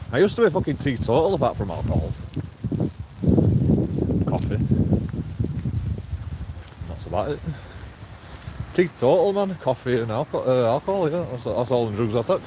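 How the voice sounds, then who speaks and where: A man vlogging as he walks outdoors. He rambles, swears, jokes and laughs at himself while talking to his viewers. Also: mid-range voice. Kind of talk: casual walking vlog, talking to viewers. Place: outdoors, walking through streets and a graveyard. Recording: loud wind noise on an outdoor mic.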